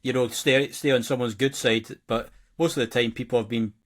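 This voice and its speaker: A man who hosts a podcast, speaking with a thick accent in a halting, hesitant way full of restarts. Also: medium pitch, steady tone. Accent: thick regional accent. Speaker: podcast host. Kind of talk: casual podcast chat.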